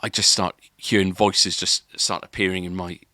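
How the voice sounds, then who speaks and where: A man's voice: deep voice, flat delivery, normal speed, sharp tone, no room sound, clean studio sound. A man, a podcast co-host, telling a long story in casual chat, rambling with restarts and filler words.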